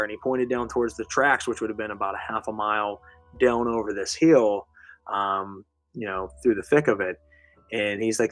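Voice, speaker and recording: A man's voice: mid-range voice, brisk, a bit bright, no room sound, soft background music. A man hosting a live show, telling a story in a casual, rambling, conversational way with casual swearing. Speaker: host.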